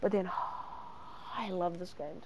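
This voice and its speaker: An excitable gaming channel host gives live gameplay commentary in a medium-pitched voice at a slow pace, yelping and pleading whenever danger comes close. The background is noisy.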